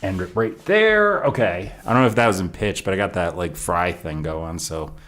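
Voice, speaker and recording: Musician on a live stream, male, low and very lively delivery, self-critical asides, voice not fully warmed up. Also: moderate pace, over music. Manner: chatty and self-critical, talking to himself about his takes. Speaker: musician recording his own song on a live stream. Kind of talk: casual live-stream commentary between vocal takes.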